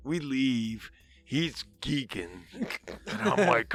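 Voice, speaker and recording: A man's voice: medium pitch, animated, a little slow, faint music behind. A middle-aged man, a father and podcast co-host, telling a long, profane anecdote in casual chat and acting out the dialogue. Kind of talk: casual storytelling.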